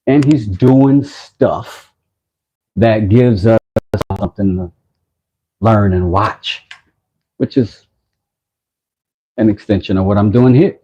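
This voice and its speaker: A man's voice: on the low side, takes it slowly, long pauses, mellow, husky, muffled recording. A man hosting a casual woodworking livestream, rambling and self-mocking as he reads chat messages aloud.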